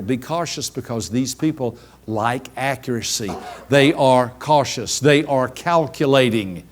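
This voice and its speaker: A man, a business coach telling stories to a seminar audience and acting out the voices of people in them. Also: medium pitch. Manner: animated, acts out quoted voices. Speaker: business coach giving a training. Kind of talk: live seminar storytelling.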